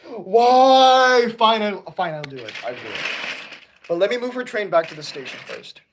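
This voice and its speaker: Excitable young man yelling at trains. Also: on the high side, fairly quick, slight background noise. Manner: excitable, yells at toy trains. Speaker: model railway streamer. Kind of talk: casual live-stream commentary.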